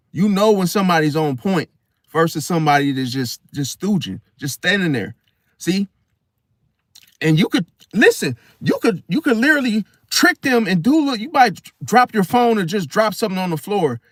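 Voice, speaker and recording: A man with a high, very lively voice tells a rambling story in loose street slang. He hosts an astrology talk channel. The sound is close and dry, with no room around it. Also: dry recording. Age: adult, once married. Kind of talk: casual storytelling monologue.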